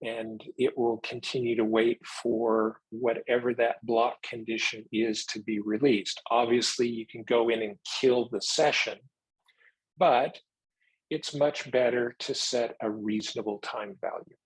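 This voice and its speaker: A man giving a technical presentation, explaining new software features in a measured way and taking questions. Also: medium pitch, flat delivery, slightly rough, poor audio.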